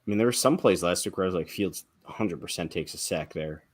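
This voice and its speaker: A man with a very low voice talks football on a casual podcast. He picks plays apart analytically and keeps quizzing the others on stats. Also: brisk, breathy edge. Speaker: podcast co-host. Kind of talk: casual sports chat.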